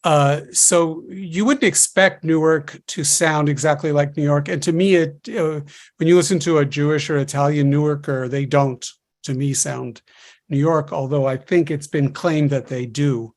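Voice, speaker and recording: Halting man, a bit higher voice. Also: fairly even intonation. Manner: hesitant, halting explanations. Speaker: linguist guest expert. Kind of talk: panel discussion on a webinar. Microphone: video call.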